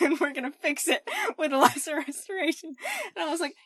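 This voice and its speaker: High bright-voiced woman, podcast chat, animated and sweary. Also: fairly quick, dry recording, clean studio sound. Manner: animated, swearing, laughing storyteller. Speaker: podcast co-host and game master. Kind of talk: casual chat.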